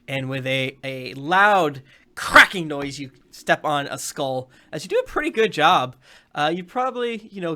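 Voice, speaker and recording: A man running a tabletop game, describing scenes in a loose, rambling way and stopping for fillers. His voice is very bright and sharp, and it sits at an ordinary pitch. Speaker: game master.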